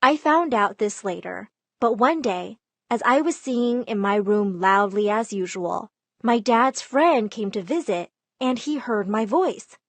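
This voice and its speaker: A woman narrating a scripted first-person storytime in an expressive, dramatic way. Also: medium pitch, a little slow, no echo.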